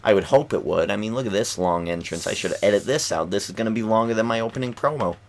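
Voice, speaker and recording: A man with a lowish voice and vocal fry talks fast while commentating on a video game at home. It's night, so he keeps quiet, and his casual, rambling talk is full of fillers and restarts.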